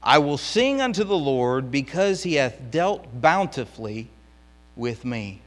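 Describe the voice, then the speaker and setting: A man teaching a Bible lesson in Sunday school, reading verses aloud and swelling into loud, impassioned pleading. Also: mid-range voice, big pitch swings, a little slow, big-room sound.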